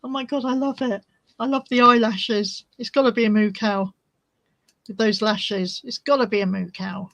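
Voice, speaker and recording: A woman's voice: a little high, steady tone, moderate pace, a bit bright, dry recording, low-quality recording. A woman hosting a crafting vlog, chatting casually and easily distracted while she shows her resin swatches. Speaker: crafting channel host.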